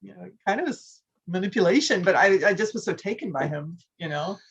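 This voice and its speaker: A woman on a podcast adding soft, amused remarks to her partner's story. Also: on the low side, expressive, brisk, husky, highs cut off. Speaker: guest, the man's partner. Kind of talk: casual podcast conversation.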